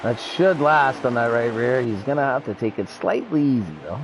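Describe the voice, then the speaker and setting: A man's voice: medium pitch, normal speed, noisy background. A man co-commentating an online racing game, chatty and breaking down tire wear and pit strategy. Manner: chatty, analytical about tires and strategy. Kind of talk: casual live commentary.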